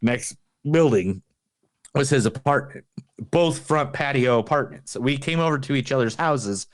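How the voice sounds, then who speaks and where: A man's voice: medium pitch, lively intonation, measured pace. A man in his forties, a podcast co-host, telling a story in casual chat, swearing freely and throwing in sound effects.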